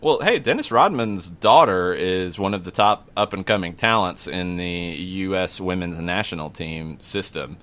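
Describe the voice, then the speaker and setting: A man's voice: low voice, unhurried, few pauses, a bit bright. A man hosting a sports podcast, talking things through in a questioning, analytical way. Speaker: podcast host. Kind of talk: casual sports talk.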